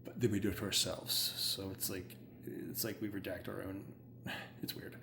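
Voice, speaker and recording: A man who works as a hypnotherapist, chatting casually and excitedly, rambling with many "like"s. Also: low voice, moderate pace, creaky. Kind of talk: casual chat. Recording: roomy with faint ambient noise.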